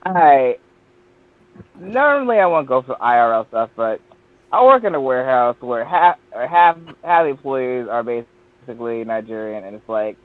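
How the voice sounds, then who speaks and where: A man on a podcast panel, talking casually in an animated, profane way with frequent restarts. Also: medium pitch, normal speed, dry recording. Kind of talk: casual chat. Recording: tinny phone-like line.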